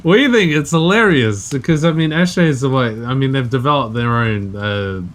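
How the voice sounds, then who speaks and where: A man's voice: medium pitch, lively intonation, normal speed, fairly bright tone. A young Australian man co-hosting a podcast, chatting casually with a joking, sarcastic manner and frequent laughs. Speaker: podcast co-host. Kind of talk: casual chat.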